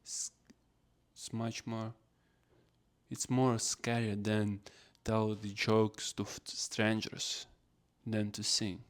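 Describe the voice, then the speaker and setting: A man's voice: lowish voice, level tone, takes it slowly. A man hosting a casual solo podcast, rambling in non-native English phrasing. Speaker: podcast host.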